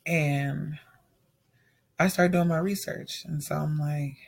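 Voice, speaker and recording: A woman's voice: deep voice, takes it slowly, creaky, breathy edge. A young woman telling a personal story in a casual monologue, acting out the dialogue as she retells it and using "like" often. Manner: animated retelling, acts out quoted dialogue, frequent "like".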